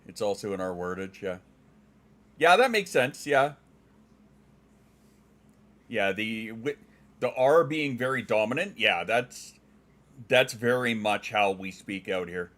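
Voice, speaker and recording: A middle-aged man with a Western Canadian accent, chatting casually on a stream, joking and enunciating clearly like a trained former DJ. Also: lowish voice, measured pace, long pauses, fairly bright tone. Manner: joking, dad jokes. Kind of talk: casual chat reading viewer comments.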